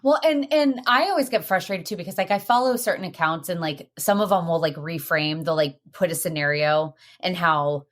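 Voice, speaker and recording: Young woman, low voice, casual podcast host, lively storyteller. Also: normal speed, few pauses. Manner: animated storytelling, acts out quotes. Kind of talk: casual chat.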